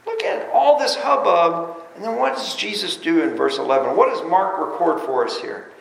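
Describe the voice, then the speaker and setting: A man preaching a sermon in a church, animated, swinging between loud bursts and quiet asides and often repeating words as he restarts. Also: high-pitched, moderate pace, gravelly. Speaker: pastor. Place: church sanctuary. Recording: roomy echo.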